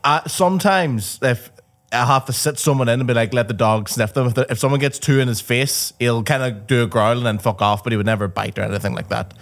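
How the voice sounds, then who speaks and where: A man's voice: medium pitch, a little fast, a bit bright. A man with an ordinary mid-range voice. He explains things in a plain, easygoing way during a casual podcast chat.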